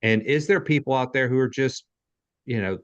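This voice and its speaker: A man's voice: medium pitch, normal speed, no room sound, highs cut off. A man hosting an interview, asking long, candid, rambling questions. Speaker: podcast host. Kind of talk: conversational interview.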